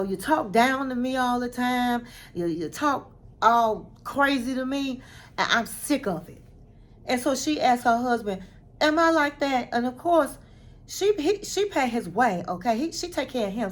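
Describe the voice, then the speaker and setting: A woman giving a casual recap of a reality show, retelling scenes in an animated, dramatic way and calling the listener honey. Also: fairly high pitch. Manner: chatty, says "honey" and "girl". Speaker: recap vlogger.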